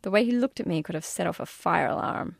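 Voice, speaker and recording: A woman's voice: on the low side, fast, vocal fry, dry recording, studio quality. A woman reading aloud from her own memoir in a wry, self-deprecating way. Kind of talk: audiobook-style memoir reading.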